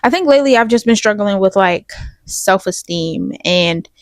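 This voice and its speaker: Young woman, bedroom podcast host, sniffly, rambling confessional, mid pitch, dry close sound. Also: expressive, normal speed, no room sound. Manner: rambling, candid, swears, trails off into soft asides. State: sniffly from crying. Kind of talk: casual confessional vlog. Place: bedroom, in bed. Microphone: small mic plugged into a phone.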